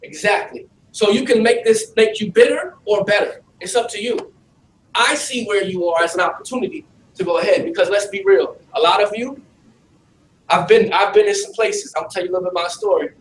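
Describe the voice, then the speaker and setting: A man preaching as a pastor to a young audience, streetwise and animated, talking back and forth with the crowd. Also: sits high, normal speed. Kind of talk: preaching to young people in a facility. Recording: echoey room, mic at a distance, light hiss.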